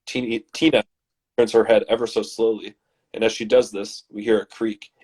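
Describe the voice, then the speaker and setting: A man from Canada, hosting and reading his comedy scripts aloud in a dramatic, animated way. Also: on the low side, moderate pace, slightly rough. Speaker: host and scriptwriter.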